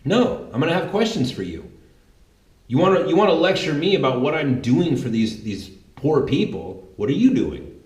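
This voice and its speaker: A man's voice: fairly high pitch, sing-song, moderate pace, a little mellow, echoey room. A man hosting a political commentary show, fired up and confrontational, swearing freely as he rants.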